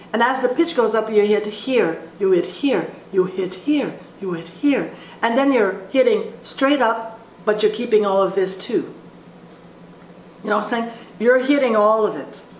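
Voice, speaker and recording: Slow-spoken woman voice teacher. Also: mid-range voice. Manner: explains slowly with frequent restarts. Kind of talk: instructional talk with sung demonstrations. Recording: roomy echo with faint ambient noise.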